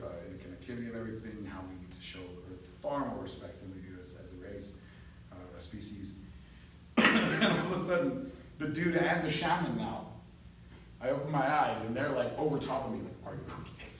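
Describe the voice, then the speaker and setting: A man telling a long story in a casual chat, animated and laughing often, acting out what others said. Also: medium pitch, a little fast, slight background noise. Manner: animated, laughs often, acts out quoted voices. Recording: echoey room from far off.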